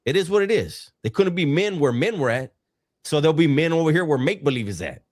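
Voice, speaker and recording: A man's voice: on the high side, lively intonation, a little fast. A man, co-hosting a live stream, telling stories in casual chat full of street slang and swearing.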